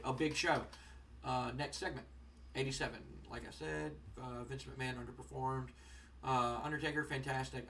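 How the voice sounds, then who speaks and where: A young man casually commenting on a wrestling management game, rambling with lots of fillers and getting excited. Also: fairly high pitch, distant mic, a little hiss or hum. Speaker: gaming channel host. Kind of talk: casual let's-play commentary.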